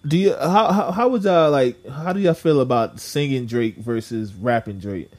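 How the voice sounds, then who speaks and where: A man's voice: medium pitch, normal speed, a little mellow. A man chatting casually on a podcast, agreeable, adding his own points. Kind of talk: casual chat.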